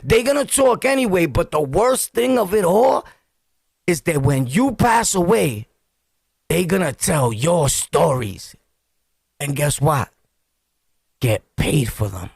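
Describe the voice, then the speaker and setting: Middle-aged New York man, vlogger storyteller, lively high voice with gravelly edges, dry close sound, slangy and laughing. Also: slow pace, long pauses, no room sound. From Brooklyn, New York. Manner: acts out scenes with loud yelps and sound effects; slangy, laughing, talks straight to viewers. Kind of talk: animated street storytelling.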